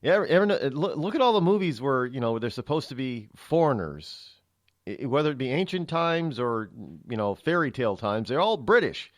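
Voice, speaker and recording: A man's voice: mid-range voice, sing-song, brisk, no room sound. A man hosting a talk radio show from a studio, rambling through a monologue with many restarts and fillers. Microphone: studio mic.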